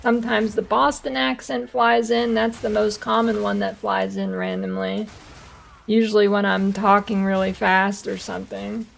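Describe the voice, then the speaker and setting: American woman streamer, mid-pitched and heavily fried, rambling and profane. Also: normal speed, creaky, a little hiss or hum. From United States. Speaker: game streamer. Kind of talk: casual gaming stream chat.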